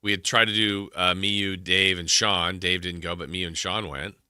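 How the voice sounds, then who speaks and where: A man hosting a sports radio show, chatting casually and trailing off in a relaxed, rambling way. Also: deep voice, normal speed, smooth, no room sound, clean studio sound. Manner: rambling, laid-back, trailing off. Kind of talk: casual chat and show segue.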